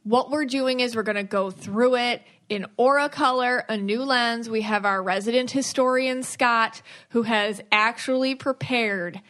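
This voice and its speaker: A woman hosting a podcast about auras, chatting casually and teasing her co-host with quick laughs. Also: fairly high pitch, a bit bright. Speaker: podcast host, aura reader.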